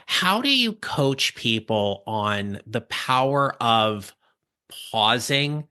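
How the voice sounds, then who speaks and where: A male podcast host with a bright, forceful tone puts careful, deliberate questions to his guest. His delivery is measured and even. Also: mid-range voice, smooth. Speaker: podcast host and career coach.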